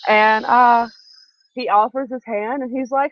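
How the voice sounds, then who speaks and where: A woman's voice: on the high side, steady tone, normal speed, no echo. A woman hosting a live broadcast from home, telling a long, rambling story with frequent asides. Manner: chatty, rambling storyteller who breaks off for asides. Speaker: host. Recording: dull, dry live-stream audio.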